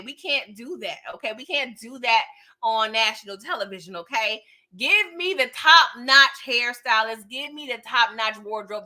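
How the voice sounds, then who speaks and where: A woman hosting a casual TV recap, talking in an animated way, often laughing and tagging her sentences with "okay?". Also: a little high. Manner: animated, tags lines with "okay?". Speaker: TV recap channel host.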